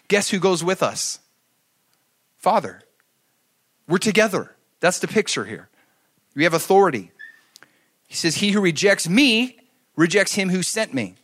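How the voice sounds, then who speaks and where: A middle-aged man preaching a sermon, telling stories and swinging from loud to hushed. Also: sits high, expressive, moderate pace. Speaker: pastor.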